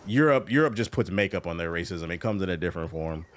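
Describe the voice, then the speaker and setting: Man, casual gaming streamer; low-ish, very lively pitch, salty and animated. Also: fast, heavy background noise. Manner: animated, laughing, swearing. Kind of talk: casual storytelling while gaming.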